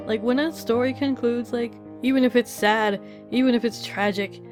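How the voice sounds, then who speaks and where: A woman's voice: on the high side, steady tone, normal speed, over music. A woman giving a casual, emotional spoken review of a manga chapter, laughing often and gushing, with many fillers. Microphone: desk mic while reading.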